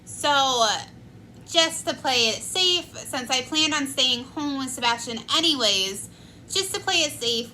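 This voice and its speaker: A woman's voice: high voice, pushed and bright, a little hiss or hum, rough recording. A woman in her twenties telling a personal story in a chatty vlog, with lots of filler words. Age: 20s. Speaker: vlogger. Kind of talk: casual storytime.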